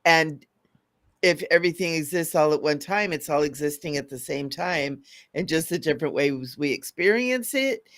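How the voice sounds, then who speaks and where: A woman co-hosting a casual spiritual talk show as a mystic, speaking with enthusiasm, agreeing warmly and often checking for agreement. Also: low-pitched, moderate pace. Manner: enthusiastic and affirming, asks for agreement. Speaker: mystic co-host.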